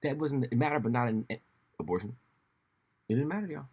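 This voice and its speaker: A man hosting a casual solo commentary show, rambling and animated, often slipping into mocking voices when he quotes people. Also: mid-range voice, brisk, husky, muffled recording. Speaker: podcast host.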